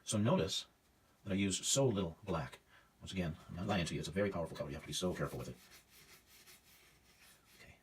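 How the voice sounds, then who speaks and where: Deep-voiced man painting and talking. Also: fast talker, pauses often, husky, distant mic. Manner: self-critical, thinking aloud while painting; casual, hesitant with fillers. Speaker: art teacher. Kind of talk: live painting demonstration.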